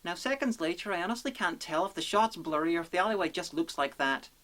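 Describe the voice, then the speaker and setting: Brief: a deadpan, profane woman narrating a comedic film review, slightly low-pitched. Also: fast talker, faint music behind.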